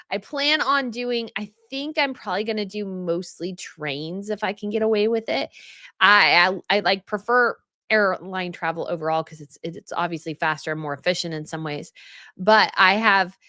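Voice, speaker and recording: Woman, livestream host, casual chatty rambling, mid pitch, dry close sound. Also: fairly bright tone, no room sound. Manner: chatty, rambling, laughs often. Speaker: royal news channel host. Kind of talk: casual livestream chat reading viewer comments.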